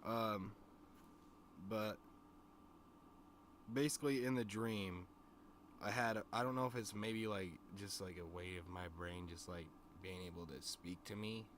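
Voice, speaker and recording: A man with a lowish voice, streaming and spinning a long dream story for his chat. He rambles, restarts, swears freely and keeps asking if you follow him. A faint hiss of noise sits under his voice. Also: measured pace, long pauses, fairly bright tone. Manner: rambling, profane, filled with "you know what I mean". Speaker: streamer and musician.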